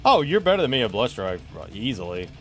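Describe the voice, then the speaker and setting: A man's voice: medium pitch, big pitch swings, a little fast, fairly bright tone. A man hosting a casual gaming stream, playful and teasing as he chats with viewers while playing. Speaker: streamer host.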